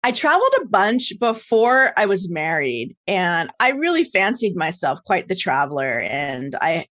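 A woman's voice: fairly low pitch, big pitch swings, unhurried, a bit bright, dry recording. American woman, podcast host, casual chat, laughs a lot, dry close sound. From United States. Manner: chatty, laughs often, swears casually. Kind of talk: casual interview.

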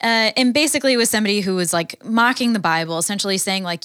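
A woman's voice: medium pitch, quick pace, few pauses, fairly bright tone, smooth, no room sound, studio quality. A woman co-hosting a casual podcast, speaking earnestly and giving her opinions. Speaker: podcast co-host. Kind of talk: casual chat.

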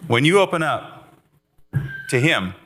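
A man preaching an earnest, animated sermon with playful asides. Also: a little high, unhurried, soft background music.

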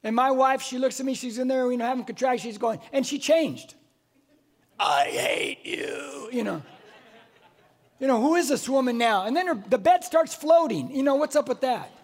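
High-voiced older guy preaching, wears a mic, animated stories, acts out voices. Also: brisk, few pauses. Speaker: pastor. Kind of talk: sermon. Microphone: wearing a mic.

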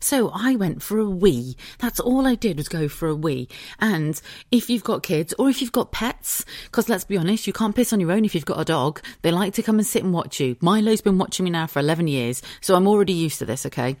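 Low-voiced swearing British mum. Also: female voice, expressive, fairly quick, darkish tone, no echo, studio quality. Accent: British English. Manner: chatty, swears freely, laughs often. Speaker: podcast host. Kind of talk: casual solo podcast storytelling.

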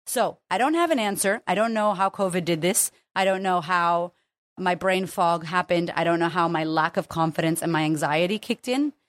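A woman's voice: fairly low pitch, moderate pace, no room sound. A woman hosting her own podcast as a confidence coach, talking frankly and emotionally and swearing freely. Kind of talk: candid solo podcast monologue.

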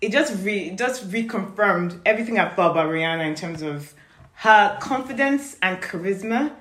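A woman's voice: mid-range voice, animated, moderate pace, fairly bright tone. Woman gushing in a casual podcast chat, echoey room, keeps restarting sentences. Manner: enthusiastic, trails off and restarts. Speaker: podcast co-host. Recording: roomy echo.

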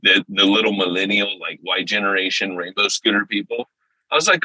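A man hosting a podcast in casual chat, animated and full of quick impressions. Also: fairly low pitch, breathy edge, no echo, poor audio. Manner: animated, jumps into impressions and loud exclamations. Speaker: podcast host.

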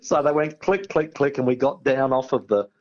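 Australian man telling a lively anecdote. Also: medium pitch, moderate pace, lo-fi sound, slight background noise. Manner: animated storyteller, acting out voices, laughing. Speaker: guest. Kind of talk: storytelling anecdote.

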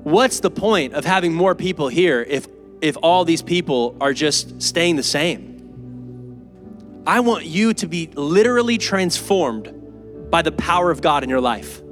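Earnest high-voiced male pastor preaching. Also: expressive, measured pace, fairly bright tone, soft background music. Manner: earnest, emphatic, conversational preaching. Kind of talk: sermon. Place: church sanctuary.

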